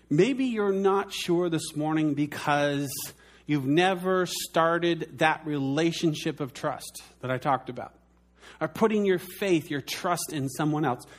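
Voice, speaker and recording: A man in his forties, a pastor preaching a sermon in an earnest way, slowing down and dropping his voice soft for emphasis. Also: on the high side.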